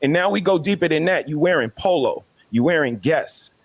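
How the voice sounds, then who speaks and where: A man's voice: a little high, animated, normal speed, dry recording. A man, making emphatic, preachy points as a guest in a casual podcast discussion. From New York City.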